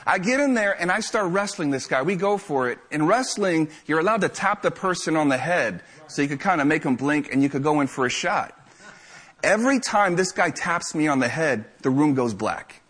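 A young man telling a lively, self-mocking story to a live audience. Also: fairly high pitch, normal speed, breathy edge.

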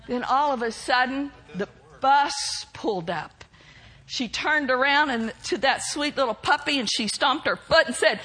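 A woman preacher delivering a sermon, bold and emphatic, breaking into shouted declarations. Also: sits high, normal speed.

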